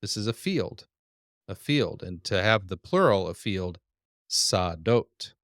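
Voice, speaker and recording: A man with a deep voice teaches a classroom lesson at a slow, deliberate pace. He patiently repeats each vocabulary word. The recording is dry with little room sound. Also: very animated, fairly bright tone, dry recording. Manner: patient, repeats words slowly. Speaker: Hebrew teacher.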